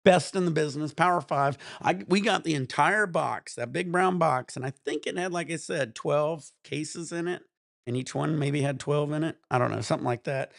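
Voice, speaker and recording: A man's voice: fairly high pitch, moderate pace, gravelly, a bit bright, no room sound, clean studio sound. A man in his thirties hosting a casual livestream, telling rambling, profane stories and chatting with viewers. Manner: rambling, profane storytelling with frequent laughs. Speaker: cannabis stream host.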